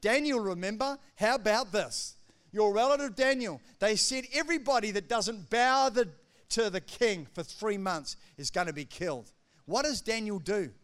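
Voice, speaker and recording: A man preaching a sermon as pastor, emphatic, swinging between loud declarations and quiet asides. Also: sits high, normal speed, clear, resonant tone.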